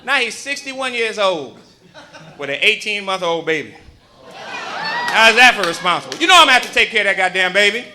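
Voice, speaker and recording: A male stand-up comedian doing a live set in a comedy club, telling stories in an animated, punchy way on a handheld mic. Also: high-pitched, moderate pace, pauses often, some chatter behind.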